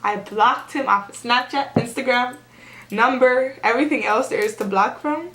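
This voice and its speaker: A young woman tells a casual story to her viewers, sarcastic and animated, with "like" in nearly every line. Her voice sits a bit high and bounces off the walls of an echoey room. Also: moderate pace, a little hiss or hum. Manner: animated and sarcastic, heavy use of "like". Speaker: vlogger.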